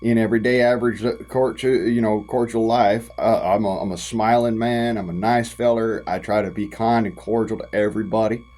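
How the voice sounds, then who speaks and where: A man's voice: lowish voice, steady tone, a little mellow, low-quality recording. A man from the United States, giving an impassioned direct-to-camera rant in a folksy, profane way. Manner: folksy and profane, drawn-out emphatic phrasing. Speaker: vlogger.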